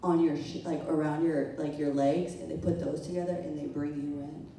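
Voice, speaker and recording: A young woman spins a funny tale from her own life in a loose, chatty way, often breaking into laughter. Her voice sits a little low for a woman. It carries through a very echoey room, picked up from some distance with faint noise behind. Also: little pitch movement, a little fast, a crowd in the background. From not from New York. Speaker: storyteller. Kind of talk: live storytelling to an audience. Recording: roomy echo, mic from a distance.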